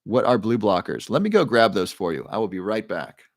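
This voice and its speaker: Low-voiced man answering a live chat. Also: fairly quick, no room sound, studio quality. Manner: relaxed, guides breathing, reads chat names aloud. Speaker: livestream host. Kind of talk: casual livestream talk, answering chat.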